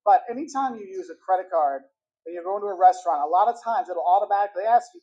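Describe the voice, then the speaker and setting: A man rattles off travel warnings at a quick clip, animated and punchy. He acts out the pitches of street hustlers as he goes. His voice comes through a dull, muffled clip. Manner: animated, acts out scammers' lines. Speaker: travel video host. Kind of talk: brisk travel-tips talk to camera.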